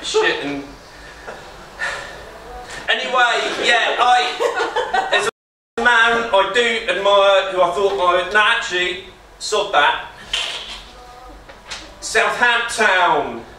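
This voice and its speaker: Rambling high-voiced man at an echoey live gig. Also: lively intonation, takes it slowly, pauses often. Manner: rambling, self-interrupting, giggling. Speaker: contestant poet. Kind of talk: deliberately bad comic poetry performance. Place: live small venue stage. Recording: echoey room, distant mic, crowd noise.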